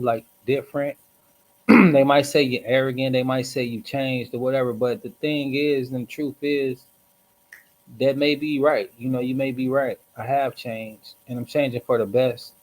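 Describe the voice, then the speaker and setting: A man hosting a casual livestream, reflective and rambling, hoarse from smoking and clearing his throat often. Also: medium pitch, a little mellow, low-quality recording. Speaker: host.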